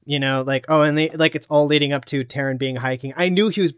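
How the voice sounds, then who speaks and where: A man's voice: a little high, fast, clear, resonant tone, no room sound. A man co-hosting a podcast in loose, casual talk. He rambles and restarts his sentences, full of fillers. The sound is dry and close to the mic. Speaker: podcast co-host. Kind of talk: casual chat.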